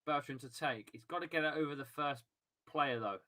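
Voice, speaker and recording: A man hosting a live football watchalong stream, reacting loudly to the match and chatting with his viewers in a casual, excitable way. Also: on the high side, brisk. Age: adult with a young son. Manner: excitable, shouts and swears at the match, chats with viewers. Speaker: livestream watchalong host.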